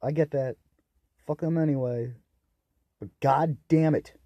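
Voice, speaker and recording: A young man ranting angrily on his own, profane and bitter, swinging into loud outbursts. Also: a little high, a little slow, dry recording. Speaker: vlogger. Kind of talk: angry solo rant to camera.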